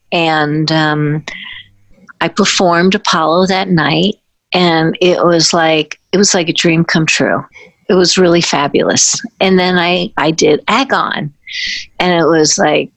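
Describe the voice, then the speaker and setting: Woman, lowish voice, former dancer telling an anecdote, halting with restarts, dry close sound. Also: creaky, no room sound. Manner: halting storytelling with restarts, acting out the people she quotes. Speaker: former ballet dancer recounting her career. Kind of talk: personal anecdote.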